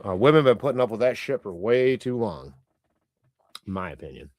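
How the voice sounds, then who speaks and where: A man's voice: on the low side, sing-song, brisk, a little mellow, no room sound. A man hosting a live stream, chatting loosely and reading out viewer comments in a rambling, irreverent way with casual swearing. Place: lives in Canada.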